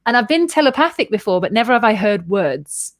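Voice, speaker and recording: A podcast host with a mid-range voice tells a personal story fairly quickly, casual and candid. She's animated, swears freely and performs the voices of people she quotes, in a dry, studio-quality recording.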